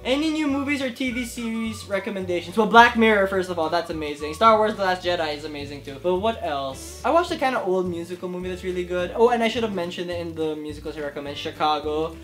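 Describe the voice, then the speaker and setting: A man in his twenties answering viewer questions to camera, excitable and gushing, with faint music behind. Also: high voice, fast, few pauses. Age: 20s. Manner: excitable, gushing, lively swings in loudness. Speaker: YouTube creator. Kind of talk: casual Q&A vlog to camera. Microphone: camera in front of him.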